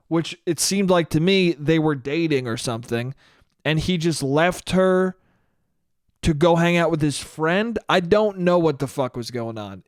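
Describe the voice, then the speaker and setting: Young male podcast host, slightly high voice, dry close sound, chatty and profane storyteller. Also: smooth, no room sound. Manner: loose, profane and conversational, with frequent restarts. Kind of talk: casual solo storytelling.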